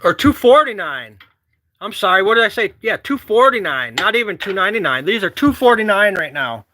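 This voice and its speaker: A man from Michigan vlogging casually, rambling and joking with loud whoops. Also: high voice, sing-song, fairly quick, a little hiss or hum. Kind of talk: casual outdoor vlog chat.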